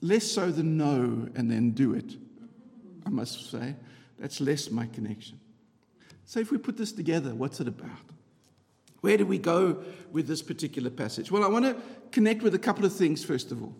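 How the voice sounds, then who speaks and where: A middle-aged man preaching a conversational sermon, telling the story with rhetorical questions and a chatty, animated manner. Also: a little high. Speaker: pastor. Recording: long hall reverb.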